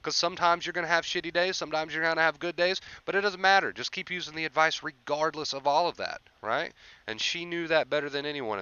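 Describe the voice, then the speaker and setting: A man's voice: mid-range voice, bright, forceful tone, clean tone, no room sound, highs cut off. A young man hosting a casual livestream, encouraging viewers about anxiety recovery and reading chat aloud.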